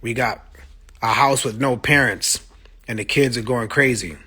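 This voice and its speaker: Impassioned husky-voiced man ranting on livestream. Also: mid-range voice, a little slow, sharp tone. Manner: impassioned, blunt and profane, answering viewer comments. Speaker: musician streaming live to fans. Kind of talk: casual livestream monologue. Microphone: phone.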